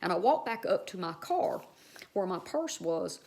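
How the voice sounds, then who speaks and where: A woman's voice: fairly low pitch, big pitch swings, a little slow, a little mellow. A woman vlogger telling a personal story in a casual, heartfelt, rambling way, speaking straight to her viewers.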